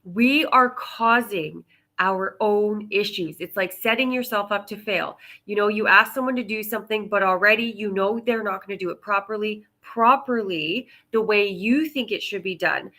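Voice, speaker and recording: A woman's voice: mid-range voice, normal speed, pushed and bright. A woman hosting a solo coaching podcast, talking casually and candidly, joking about herself. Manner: chatty, candid, self-deprecating.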